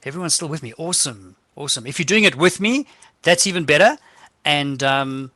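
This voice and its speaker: Bright-voiced man teaching a casual online lesson. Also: on the high side, expressive, brisk, no room sound. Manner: casual, joking, checks in with "okay?". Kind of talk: live online computer lesson.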